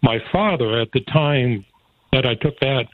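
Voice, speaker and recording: A man's voice: medium pitch, unhurried, dry recording. A man as a guest telling a folksy personal story, chuckling often as he goes. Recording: tinny phone line, dry.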